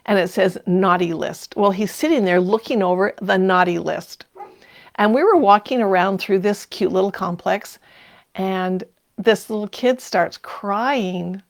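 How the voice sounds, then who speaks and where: Older woman, livestream host, gravelly touch, chatty and quick to laugh. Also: mid-range voice. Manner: chatty, laughs often, reads viewer comments aloud. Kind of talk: casual live-stream chat.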